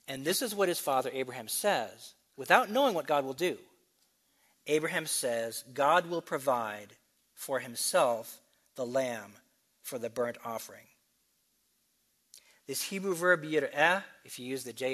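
A man preaching a sermon, explaining scripture with quick asides and slow, emphatic readings. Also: fairly high pitch, a bit bright. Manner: expository teaching, shifts between brisk asides and slow emphatic reading.

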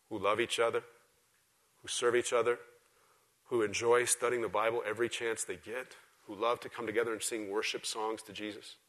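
A man preaching a sermon to a church congregation, swinging from loud, emphatic exhortation to quiet, intimate asides. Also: mid-range voice. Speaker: pastor. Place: church service before a congregation.

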